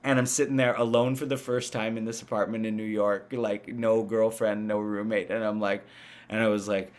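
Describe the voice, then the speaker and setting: A man in his thirties, a podcast guest, telling a ghost-hunting story in a halting, rambling way, full of restarts. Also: on the low side, flat delivery. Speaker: guest, amateur paranormal investigator. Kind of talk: casual storytelling conversation.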